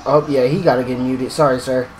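A young man giving excitable live commentary while playing a game, exclaiming and talking to himself. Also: mid-range voice, brisk, over music, low-quality recording. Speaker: gaming streamer.

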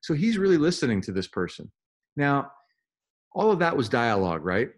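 A male teacher speaks over a video call, reading a novel to his students and stopping to explain it. His voice sits at an ordinary middle pitch and his tone is engaged and explanatory. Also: very animated, moderate pace.

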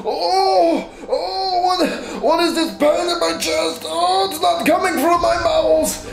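A man's voice: high voice, sing-song, measured pace, gravelly, loud music behind the voice, exaggerated voice. A man voicing a gluttonous, crude male ogre who whines and groans in a puppet comedy skit. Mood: panicked. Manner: whiny, indulgent, groaning. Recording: echoey room.

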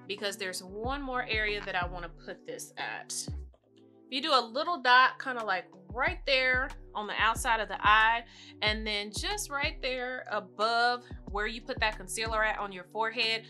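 A young woman walks viewers through her makeup in a chatty, fast-running way and laughs easily. Her voice is very bright and clear. Soft music plays underneath. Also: medium pitch. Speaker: beauty vlogger. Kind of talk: casual makeup tutorial.

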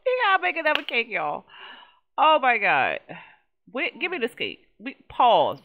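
A woman hosting casual gameplay commentary, talking straight to her viewers with lots of swearing. Her pitch leaps up and down as she reacts. The audio is dull and lo-fi. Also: measured pace, a little hiss or hum. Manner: animated, exasperated, swears freely, chats to viewers. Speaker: gaming channel host.

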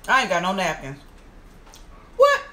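With a lowish voice at a moderate pace and roomy acoustics, a woman runs a casual mukbang. She exclaims and chats with her viewers, whom she calls y'all, in an animated way while eating.

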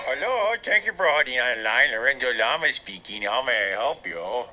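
A man's voice: medium pitch, lively intonation, brisk, faint music behind, close to an everyday voice. A man voicing a giggly male llama who snorts as he chats with a caller on a kids' radio show. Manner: giggling, friendly phone chat. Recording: muffled radio broadcast with noise.

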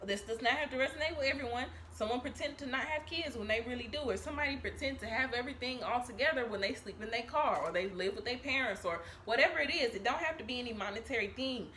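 Bright, chatty woman tarot reader. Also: fairly high pitch, quick pace, few pauses, a little hiss or hum. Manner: chatty, profane, laughing, tags lines with "okay?". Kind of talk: casual tarot reading to camera. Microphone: camera mic.

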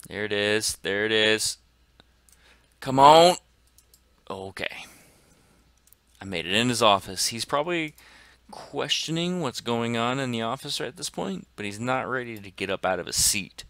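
A man commenting excitedly on his gameplay as a gaming channel host, dropping to whispers and bursting into shouts. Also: medium pitch, a little slow, pauses often, clean tone, dry recording. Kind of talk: let's play commentary.

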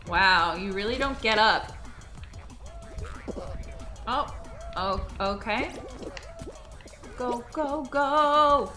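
A woman's voice: on the high side, very slow, long pauses, faint music behind. A young woman streaming a game, chatting casually with viewers and cooing baby talk at her dog. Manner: chatty and animated, talks to viewers. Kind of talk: casual livestream chat.

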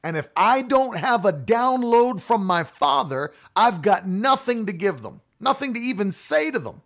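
A man's voice: high voice, big pitch swings, measured pace, fairly bright tone. A man preaching a sermon, emphatic and repetitive, stretching out key words for stress. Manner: emphatic, repeating key phrases.

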